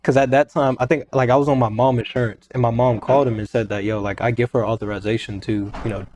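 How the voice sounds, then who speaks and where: A young man, a podcast guest, retelling a personal story in a casual, animated way, often quoting what was said and repeating himself. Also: medium pitch, quick pace.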